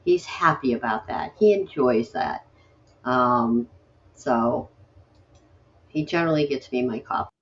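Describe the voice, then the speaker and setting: A woman's voice: a bass voice, animated, unhurried, pauses often, dull audio, a little hiss or hum. A woman hosting a late-night poetry stream, chatting casually in a rambling, grumbly, self-deprecating way. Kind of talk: casual chat.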